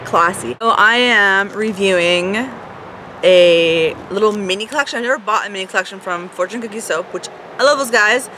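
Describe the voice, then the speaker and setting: A woman's voice: medium pitch, moderate pace, sharp tone, slight background noise. A woman giving a goofy, bubbly product review and swearing casually. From Canada. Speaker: beauty vlogger.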